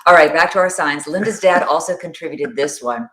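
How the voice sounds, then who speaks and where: A woman's voice: low-pitched, brisk, fairly bright tone. A woman co-hosting a live social media show, chatting casually, greeting viewers by name and laughing often. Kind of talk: casual live-stream chat reading viewer comments.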